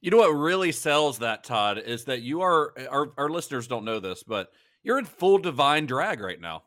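Lively, bright-voiced podcast co-host man. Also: mid-range voice, moderate pace, a little hiss or hum. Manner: laughs often, loose and rambling. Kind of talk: casual chat.

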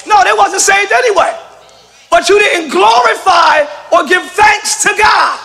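High-voiced shouting preacher. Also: male voice, a little slow, creaky. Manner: preaching with shouted emphasis and call-and-response to the congregation. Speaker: pastor. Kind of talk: live sermon. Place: church sanctuary.

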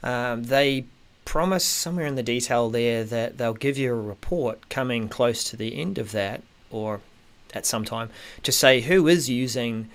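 A man hosting a podcast in casual tech chat, hesitant with many ums, often trailing off softly. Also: medium pitch, unhurried. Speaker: podcast host.

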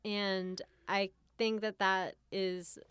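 A woman's voice: medium pitch, little pitch movement, drawn-out words, fairly bright tone, smooth, dry recording. A young adult woman co-hosting a podcast, chatting casually about a film with frequent "like" fillers. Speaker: podcast co-host. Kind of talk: casual film-review chat.

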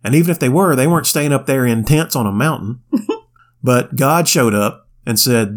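On a Bible podcast, a male co-host speaks at normal speed in a mid-range voice, giving casual commentary and dropping in wry, plainspoken asides.

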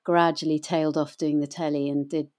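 A woman's voice: deep voice, flat delivery, a little fast, darkish tone. A middle-aged woman who voices audiobooks, telling stories in a chatty, rambling interview style with many fillers. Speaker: guest, voice actor and audiobook reader. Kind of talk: casual interview chat.

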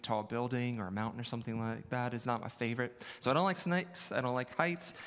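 A man's voice: mid-range voice, smooth. A male pastor preaching a sermon in a conversational, self-deprecating way, repeating his key phrases. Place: church sanctuary. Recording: long reverb of a large hall.

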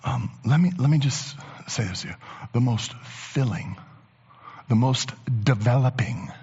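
A man preaching a sermon as a pastor, talking conversationally and building to animated emphasis. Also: mid-range voice, unhurried, husky. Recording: long church reverb, dull lo-fi sound.

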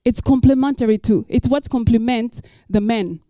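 A woman's voice: fairly high pitch, normal speed, dark tone, dry recording, clean studio sound. A woman pastor preaching a sermon, emphatic and repeating her key lines for the listeners.

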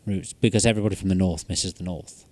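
A man's voice: low voice, fast. A man hosting casual chat, reading out odd facts, jokey and laughing often. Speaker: host.

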